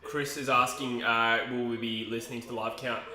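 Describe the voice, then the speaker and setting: A man's voice: mid-range voice, a little fast. Man chatting on a livestream. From Australia. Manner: reads out chat, relaxed banter. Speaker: co-host of livestream. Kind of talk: casual livestream chat. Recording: echoey room.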